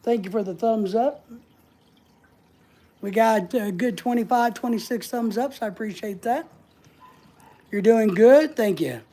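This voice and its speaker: A woman's voice: a little high, unhurried, long pauses, dark tone. A woman hosting a casual livestream, answering viewer comments in a playful, teasing way and laughing often. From United States. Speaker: livestream host.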